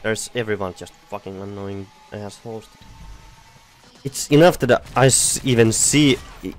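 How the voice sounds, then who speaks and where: A man's voice: on the low side, measured pace. A man streaming a shooter game, commenting in frustrated outbursts and swearing. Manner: frustrated, swearing, exclaiming in disbelief. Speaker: gamer streamer. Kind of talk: live gameplay commentary. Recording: faint noise and game gunfire behind.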